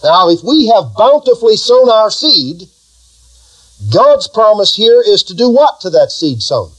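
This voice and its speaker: High-voiced preaching pastor. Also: male voice, very animated, unhurried, low-quality recording. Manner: preaching with rising emphasis and repetition, leading call-and-response. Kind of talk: sermon.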